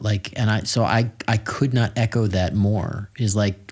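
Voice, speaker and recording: A middle-aged podcast host with a fairly low, darkish voice conducts a conversational interview at an unhurried pace and steady tone. He's a candid storyteller, sharing personal stories openly and slipping in self-deprecating jokes.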